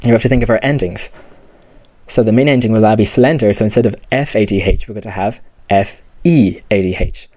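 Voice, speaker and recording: A man's voice: lowish voice, brisk, warm tone, no echo. A man explaining grammar step by step in a patient lesson, often saying "you know" and "okay". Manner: patient, repeats key terms, many fillers like "you know" and "okay". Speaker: language teacher.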